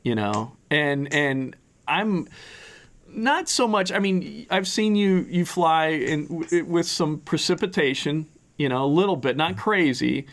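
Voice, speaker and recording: Chatty male podcast host, higher voice. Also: expressive, unhurried. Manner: rambling, with frequent restarts and fillers. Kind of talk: casual interview chat.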